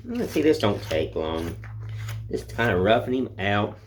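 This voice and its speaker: A man's voice: on the low side, sing-song, measured pace, a little hiss or hum. A middle-aged man, chatting in a folksy, rambling way while whittling, filmed on a phone. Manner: folksy, rambling, plain-spoken. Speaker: woodcarving vlogger. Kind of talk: casual chat while whittling. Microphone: phone camera.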